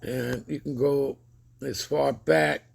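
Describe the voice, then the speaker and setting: Slow and gravelly, a man's medium-pitched voice stays fairly even in intonation as he preaches over news commentary. He reads scripture aloud with growing emphasis, repeatedly checking in with his listeners with "okay?" and "all right?".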